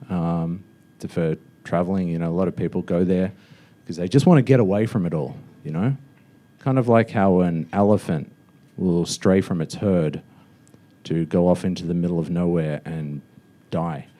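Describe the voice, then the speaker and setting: A man's voice: low-pitched, darkish tone. A young man doing a mocking stand-up roast in a comedy club, with a loose, offhand delivery full of fillers. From Australia.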